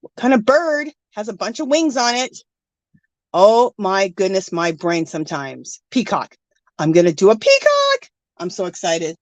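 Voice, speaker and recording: A woman's voice: medium pitch, unhurried, no room sound. A middle-aged woman hosting an art livestream from home, chatting casually and reading viewer comments, gushing and teary. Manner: warm, gushing, emotional, scattered.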